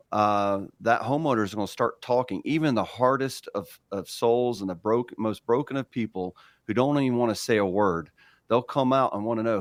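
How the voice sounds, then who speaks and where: Male interview guest, lowish voice, earnest explaining, dry close sound. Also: dry recording. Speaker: relief organization executive. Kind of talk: conversational interview.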